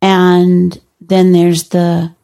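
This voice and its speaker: An older woman speaks as a podcast guest. Her voice is low and warm, with a gravelly fry, and she tells stories in a measured, dry-humored way. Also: completely flat delivery. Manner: measured and wry. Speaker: podcast guest, teacher and author. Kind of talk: conversational storytelling.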